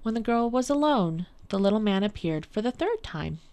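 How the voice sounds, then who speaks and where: A woman from a public library reading a fairy tale aloud for radio in a calm, measured way. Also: mid-range voice. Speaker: library storyteller. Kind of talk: storybook read-aloud for radio.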